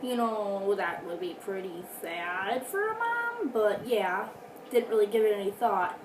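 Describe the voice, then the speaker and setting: Slow-talking woman telling a story in a roomy room. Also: medium pitch, sing-song, a little mellow. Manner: chatty, dramatic asides. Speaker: vlogger. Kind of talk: casual storytime vlog. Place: home indoors, furnace running. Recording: roomy, distant from mic, faint noise.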